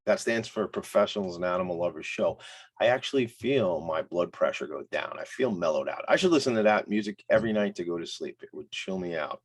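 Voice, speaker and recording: A man hosting a casual talk show, hyped, loud and playful. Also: on the low side. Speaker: host.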